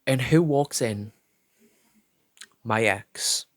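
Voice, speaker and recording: A man's voice: mid-range voice, dry recording. A young man telling a storytime tale in a sassy, dramatic way, swearing freely. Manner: fast, lively gossip delivery. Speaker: storytime vlogger. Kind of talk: storytime retelling.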